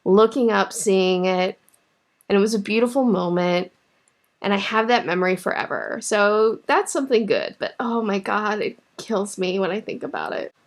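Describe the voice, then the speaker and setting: A woman knitting vlogger telling a personal story to camera in a casual, animated way, laughing often and getting emotional. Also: mid-range voice, normal speed.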